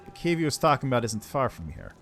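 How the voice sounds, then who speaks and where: A man's voice: medium pitch, huge pitch swings, quick pace, vocal fry, a bit bright, soft background music, full character voice. A man voicing a cruel, scheming tribal huntress who taunts in a sing-song, menacing way.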